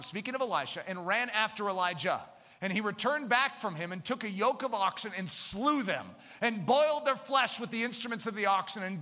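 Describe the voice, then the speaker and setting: A man delivers a sermon in a high, very bright voice. He swoops widely in pitch as he acts out stories and reads scripture. His voice rings with a long hall reverb. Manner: animated storytelling, acting out scenes and reading scripture aloud. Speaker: preacher.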